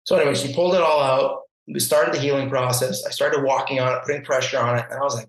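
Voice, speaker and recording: A man, a guest on a podcast, telling a story in a casual, animated way and acting out the voices he quotes. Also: medium pitch, fast, hardly any pauses. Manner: animated, acts out quoted voices, laughs often. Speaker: podcast guest, barefoot water skier. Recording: roomy echo.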